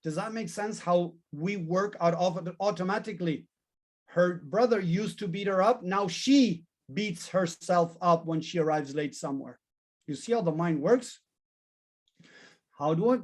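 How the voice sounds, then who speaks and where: A man teaching a therapy training class, animated and emphatic, repeating key words in lists. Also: sits high, measured pace. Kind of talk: live training lesson.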